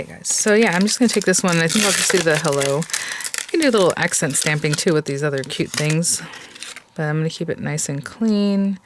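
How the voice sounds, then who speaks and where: A woman's voice: low-pitched, slight background noise. Chatty woman gushing over a craft. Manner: chatty, gushing, talks to viewers while working. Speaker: craft video host. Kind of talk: casual crafting tutorial.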